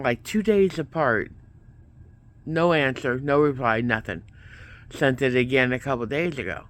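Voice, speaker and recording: A man's voice: medium pitch, pushed and bright. A man vlogging casually, rambling through a story and acting out both sides of the conversations. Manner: rambling, retells events with quoted back-and-forth.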